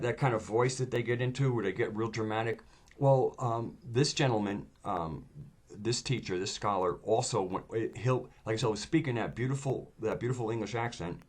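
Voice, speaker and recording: Rambling low-voiced man. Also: expressive, brisk. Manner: rambling and hesitant, with many fillers. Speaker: video host. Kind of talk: casual monologue.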